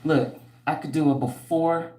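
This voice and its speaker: A woman's voice: sits low, measured pace, echoey room. A woman hosting a casual livestream, blunt, slangy and teasing, breaking into squeals and laughs as she reads viewer comments. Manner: animated and preachy, with frequent squeals and laughs. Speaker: livestream host and hair care entrepreneur.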